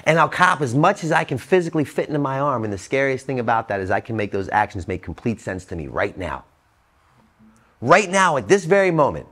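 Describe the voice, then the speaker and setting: A man in his forties speaking to an audience at a treatment center, blunt and profane, swinging between loud emphatic bursts and low quiet asides. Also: very animated, a little fast. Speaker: motivational speaker. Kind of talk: recovery talk to an audience.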